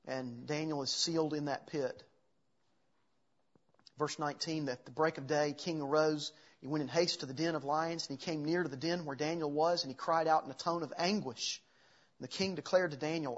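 A man's voice: a little high, normal speed, dull audio. A man preaching an earnest expository sermon, reading scripture aloud and explaining it to his congregation. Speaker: pastor.

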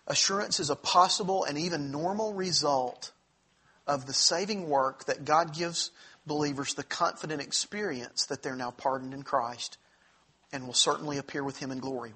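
A man's voice: fairly high pitch, pushed and bright, husky. Earnest man teaching a Bible class. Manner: earnest, conversational, with frequent restarts and asides.

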